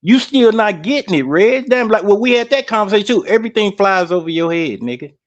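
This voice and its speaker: Brash man, casual livestream banter, fairly high voice, animated. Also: fairly quick, muffled recording, a little hiss or hum. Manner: brash, animated, swears freely. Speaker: panelist.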